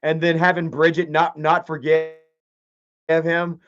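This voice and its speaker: A man's voice: on the high side, monotone, a little slow, fairly bright tone, soft background music. A man giving casual livestream commentary, profane and mocking, reading chat messages aloud. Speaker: live streamer. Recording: muffled lo-fi stream audio.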